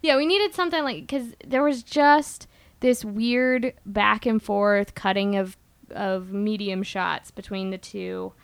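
A woman's voice: medium pitch, creaky, clear, resonant tone, dry recording. A woman co-hosting a podcast in casual chat, making wry joking asides about a film. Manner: wry, quick jokey asides. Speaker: podcast co-host.

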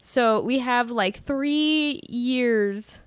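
A woman's voice: a little high, extremely slow, clear, resonant tone, no room sound. A woman co-hosting a film podcast in a casual chat, playful and snarky, laughing a lot. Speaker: podcast co-host.

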